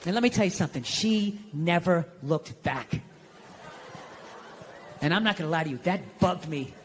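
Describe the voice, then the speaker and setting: A man's voice: on the high side, moderate pace, background noise. A man doing stand-up comedy with a Boston accent, ranting through a profane story on a stage mic in front of a live audience.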